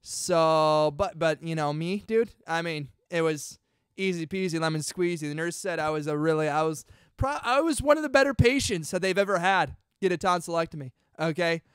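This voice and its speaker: A man's voice: fairly high pitch, normal speed, clean tone, dry recording. Young guy rambling on his podcast, dude and bro every other line, clean dry sound. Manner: chatty and excitable, peppers talk with dude and bro. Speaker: podcast host. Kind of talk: casual storytelling.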